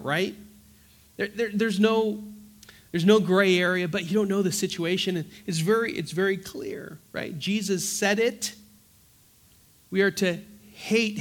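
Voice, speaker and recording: A man preaching an earnest Bible-teaching sermon, emphatic and repeating words for stress, then dropping to soft, pleading tones. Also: high-pitched. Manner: swings from loud urgency to soft, quiet pleading.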